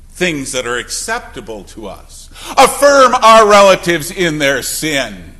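A male pastor preaching a sermon, swinging between emphatic outbursts and quiet, low asides. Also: very animated, measured pace. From Wisconsin. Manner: emphatic preaching with sudden loud and soft swings.

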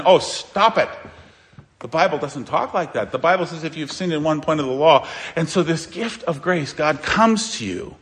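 A man's voice: on the high side, expressive, normal speed, a bit bright. Emphatic male pastor preaching. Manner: emphatic preaching with rhetorical questions and repetition. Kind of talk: sermon.

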